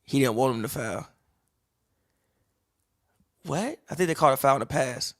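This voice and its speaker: Animated man ranting about a play. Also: medium pitch, normal speed, no echo, clean studio sound. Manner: animated, profane, repeats his punchlines. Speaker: podcast co-host. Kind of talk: live game reaction chat.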